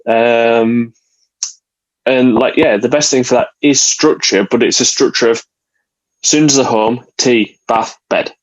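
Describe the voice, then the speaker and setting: A man's voice: medium pitch, unhurried, muffled recording. A father, a guest on a podcast, talking earnestly and plainly in casual conversation. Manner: earnest, plain-spoken, laughs lightly.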